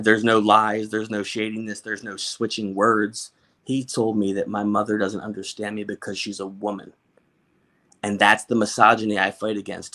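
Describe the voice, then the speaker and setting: A man's voice: fairly low pitch, sharp tone. A man, a podcast guest, recounting a personal story in an emotional, emphatic way, often restarting and repeating words. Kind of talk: conversational storytelling.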